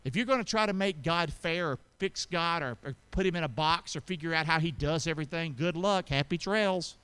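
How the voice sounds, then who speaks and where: A man preaching a sermon, calling out to the congregation for responses and swinging between loud emphasis and quiet asides. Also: fairly high pitch, fairly quick, clear, resonant tone. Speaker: pastor.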